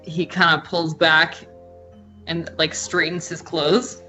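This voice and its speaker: A laid-back woman running a tabletop game as game master, her voice bright and forward. Faint music plays underneath. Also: deep voice, little pitch movement, slow pace, poor audio.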